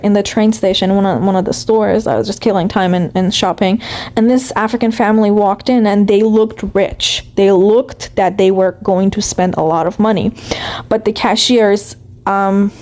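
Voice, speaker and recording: A woman from Iran telling a personal story to camera, in a halting way with many restarts. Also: mid-range voice, a little mellow.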